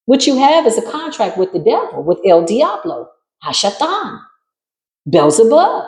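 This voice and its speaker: A woman's voice: on the high side, wildly swooping pitch, a little slow, darkish tone. Sassy preaching woman, echoey room. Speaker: tarot reader. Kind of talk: spiritual tarot reading.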